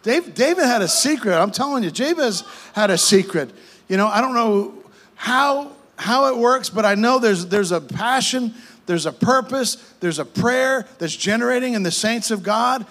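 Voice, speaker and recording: A male pastor, preaching a fervent sermon with repeated phrases and quick restarts. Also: very high voice, expressive, fairly bright tone.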